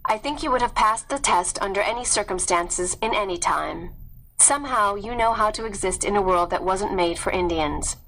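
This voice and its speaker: Woman reading stern old grandfather, grave, measured, storybook. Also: medium pitch, a bit bright, slight background noise, lightly acted. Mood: solemn. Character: stern elderly tribal grandfather, proud and solemn.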